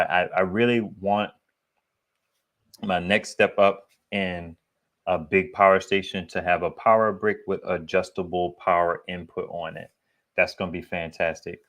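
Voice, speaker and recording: A man with a deep, bassy voice chatting casually to his viewers about solar gear, rambling and slangy. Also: a bit bright. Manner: rambling, digressive, slangy and candid. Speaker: solar equipment YouTuber. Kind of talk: casual vlog chat.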